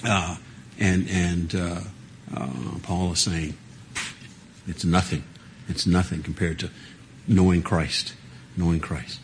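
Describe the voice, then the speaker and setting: A man's voice: deep voice, little pitch movement, slow pace, long pauses, a little hiss or hum. A man teaching a Bible study to a small group, talking conversationally with frequent fillers and laughs and asking the group questions.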